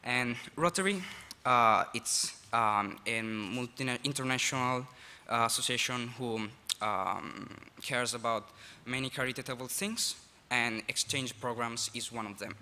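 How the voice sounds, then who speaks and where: A teenage exchange student from Italy with an Italian accent, giving a halting, apologetic speech at a school assembly. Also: male voice, mid-range voice, bright, forceful tone, smooth. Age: teens. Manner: nervous, halting, apologetic with laughs. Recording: reverberant hall, faint ambience.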